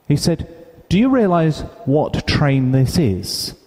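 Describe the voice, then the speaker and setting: A man from the UK giving a conference talk, an animated storyteller who acts out the dialogue in his anecdotes. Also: fairly high pitch, measured pace, few pauses. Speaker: conference speaker. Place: large conference hall. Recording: hall reverb, live stage sound.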